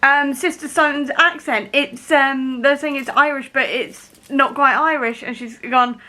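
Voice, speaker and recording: A young woman chats to her camera at home, her voice high and bright. She rambles excitedly, full of fillers and restarts, like a fan mid-read. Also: unhurried. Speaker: book vlogger. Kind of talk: casual reading vlog. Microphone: camera mic.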